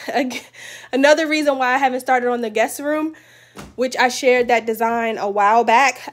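A tired, pregnant woman in her thirties chatting casually at home for her vlog, rambling with fillers. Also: on the high side. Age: 30s. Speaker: vlogger. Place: home, indoors.

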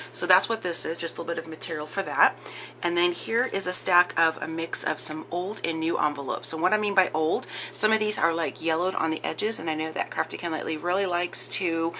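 A woman with a low-pitched but bright, forceful voice hosts a casual crafting vlog from home. She rambles chattily, full of fillers. Faint household noise sits behind her. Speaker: crafting channel host. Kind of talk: casual show-and-tell vlog.

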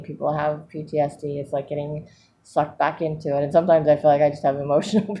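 A woman's voice: sits low, mellow. A woman talking candidly in a personal video diary, rambling and laughing often as she goes. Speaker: vlogger.

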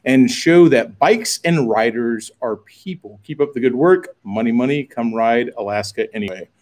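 A man co-hosting a casual livestream, loud and joking, reading out viewer messages and swearing a lot. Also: medium pitch, moderate pace. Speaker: livestream co-host.

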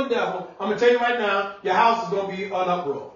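A man preaching a sermon as pastor, animated and conversational, sometimes shouting and laughing. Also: high voice, fast, few pauses. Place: church sanctuary. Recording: echoey church room, mic at distance, dull sound.

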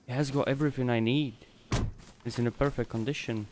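Man, game streamer, casual commentary, swears a lot, excitable, faint background noise. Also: a little fast. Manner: swears freely, talks to himself and his viewers, bursts into high excited yelps.

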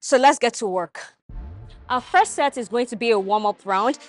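Energetic woman coaching a gym workout. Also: fairly high pitch, moderate pace, soft background music. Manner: energetic coaching, talks straight to viewers. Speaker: fitness vlogger demonstrating a workout. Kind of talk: instructional workout vlog.

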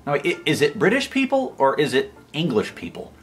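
A man's voice: fairly high pitch, huge pitch swings, fairly quick, soft background music. An American man giving a comedic vlog monologue, rambling and over-the-top, often stopping himself mid-sentence. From United States. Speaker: YouTube commentator.

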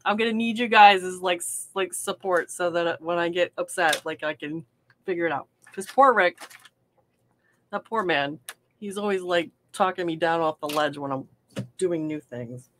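A woman's voice: fairly low pitch, normal speed, a bit bright, a little hiss or hum. Chatty woman on a livestream. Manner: chatty, self-deprecating, laughs often. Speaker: livestream host. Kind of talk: casual livestream chat while crafting.

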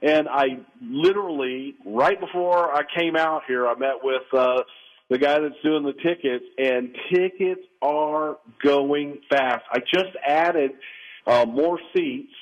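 A man calls in to a radio show from outside in the cold, and his fairly high voice comes through a dull, muffled phone line. He spins an anecdote with energy and slips into the voices of the people he describes. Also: slow. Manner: animated storyteller, acts out quoted voices. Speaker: podcast host guest. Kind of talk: phone interview storytelling. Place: outdoors in the cold.

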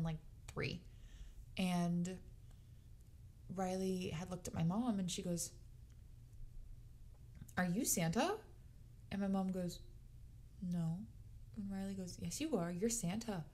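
A young woman co-hosting a casual chat, telling childhood stories in a lively way and acting out what people said. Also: on the low side, a little slow, pauses often. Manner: animated storyteller, acts out quotes. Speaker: podcast co-host.

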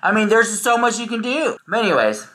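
A man's voice: sits high, very animated, quick pace, fairly bright tone. A man hosting a casual reaction commentary, sassy and rambling as he talks straight to his viewers. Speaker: commentary host.

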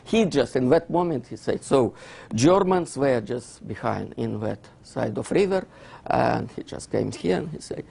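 Animated man lecturing in English. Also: mid-range voice, measured pace, creaky, slightly rough. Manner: animated, theatrical, non-native English with broken grammar. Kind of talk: lecture with slides.

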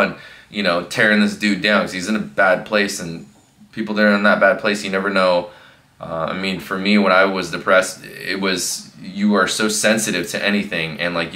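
A fitness coach gives a casual motivational talk in a low, bright, forceful voice. He speaks earnestly and rambles, restarting sentences and filling pauses as he goes.

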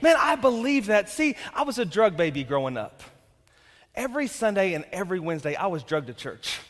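A pastor in his thirties with a strikingly high voice preaches to his congregation. He tells stories with humor and bursts into loud, fervent shouts. The long reverb of the church hall trails behind him. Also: brisk. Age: 30s. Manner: energetic storytelling with jokes, rising to shouts. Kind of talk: sermon. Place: church sanctuary.

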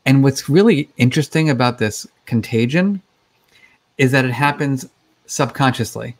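A man's voice: medium pitch, moderate pace. A man speaking as a guest expert in a conversational interview, explaining things in a chatty way with many fillers.

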